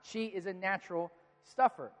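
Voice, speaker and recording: A man in his thirties preaching a sermon, telling stories about his children and acting out their lines with animated voices. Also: sits high, moderate pace. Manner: storytelling, animated when quoting his kids. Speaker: pastor. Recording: long reverb of a large hall.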